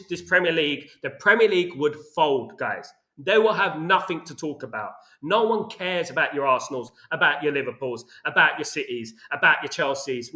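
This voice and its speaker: A man's voice: a little high, bright, forceful tone. A man hosting a casual football fan chat, reading out comments and ranting with lots of "you know what I mean". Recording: echoey room.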